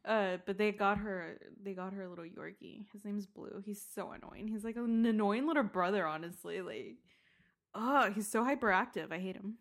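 A woman's voice: medium pitch, moderate pace. A woman in her twenties co-hosting a casual podcast, rambling and laughing often. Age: 20s. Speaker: podcast co-host. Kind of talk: casual chat.

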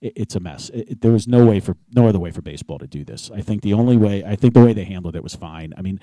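A middle-aged man co-hosting a podcast, chatting casually about sports in an easygoing way, thinking out loud. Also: lowish voice, fast, no room sound. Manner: easygoing, talks things through with fillers. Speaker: podcast co-host.

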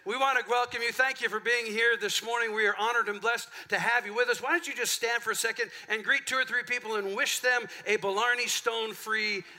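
A man's voice: very high voice, fairly even intonation, fairly quick, hardly any pauses, sharp tone. A middle-aged man, a pastor, telling a chatty story to his congregation during a sermon in a church. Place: church sanctuary.

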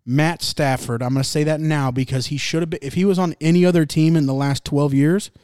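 A man's voice: fairly high pitch, fairly even intonation, a little fast, a little mellow, clear, resonant tone, no echo, clean studio sound. Profane young man in casual sports chat. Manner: profane, joking, rambling. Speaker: podcast host.

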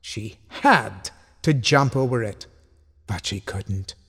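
A man narrating a children's story at a slow, deliberate pace. His gravelly voice moves a lot in pitch, and a long hall reverb trails every line. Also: animated, fairly bright tone.

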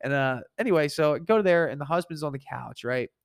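A man's voice: a little high, fairly quick, gravelly, clean tone, dry recording, studio quality. A man hosting a podcast, casually telling a story from his painting business, rambling with lots of fillers. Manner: rambling, filler-heavy, animated retelling. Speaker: podcast host and painting contractor.

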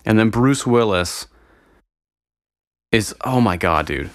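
A young man with a low voice talks loosely and profanely to his viewers, wandering off on tangents. The sound is dry and close, with no room around him. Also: animated, slow pace, dry recording. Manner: rambling, profane, easily sidetracked. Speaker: vlogger. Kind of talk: casual solo chat to viewers.

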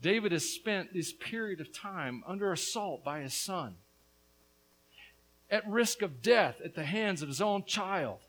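A man preaching a sermon as a pastor, earnest with casual asides, his voice swinging between hushed and loud. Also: high-pitched, lively intonation, unhurried, low-quality recording.

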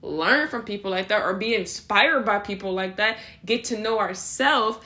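A young woman talks through a faith-based podcast episode. She is casual and animated, and small laughs slip in between her phrases. She keeps an easy, middle-pitched speaking voice throughout. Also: moderate pace. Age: young adult. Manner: animated, slips into acted voices for quotes. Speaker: podcast host.

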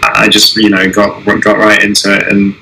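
A young man being interviewed, talking casually with many restarts and pauses. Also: on the low side, completely flat delivery, creaky, sharp tone, slight background noise, poor audio. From Israel. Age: young adult. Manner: halting, many restarts and "I mean". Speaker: guest, Olympic alpine skier.

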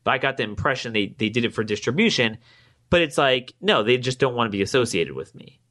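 A man hosting his own political podcast, talking alone to his listeners, growing emphatic and climbing higher when he gets indignant, and acting out both sides of past conversations. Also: lively intonation, fast, a bit bright. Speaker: podcast host. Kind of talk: political commentary monologue.

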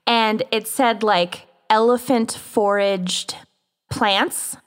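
A woman's voice: a little high, fairly even intonation, extremely slow, clean tone. Chatty woman podcast host. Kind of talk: casual chat.

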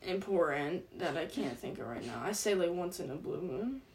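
A young woman of eighteen chatting casually with a friend, slangy and quick to laugh, sometimes mumbling her words together. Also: lowish voice, animated, darkish tone. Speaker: podcast co-host. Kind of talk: casual chat.

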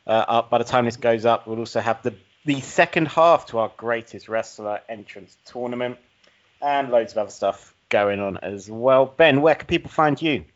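A man's voice: medium pitch, moderate pace, muffled recording. A man hosting a podcast, bantering in a dry, sceptical way and wrapping up the episode. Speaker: podcast host. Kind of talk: casual chat.

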